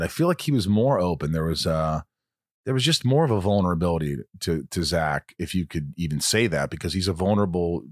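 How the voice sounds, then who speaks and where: In a clean studio recording with no echo, a man with a low voice hosts a podcast. He chats casually, rambling and cracking self-deprecating jokes.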